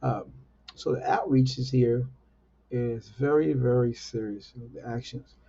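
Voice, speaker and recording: A man giving informal political commentary, repeating rhetorical questions with many fillers, in a husky, gravelly voice. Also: mid-range voice, a little slow, warm tone, muffled recording. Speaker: host.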